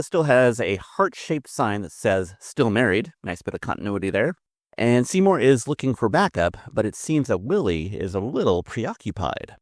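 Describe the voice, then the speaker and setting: A man's voice: medium pitch, dry recording, clean studio sound. A man co-hosting a podcast in casual, jokey chat, laughing often. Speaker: podcast co-host.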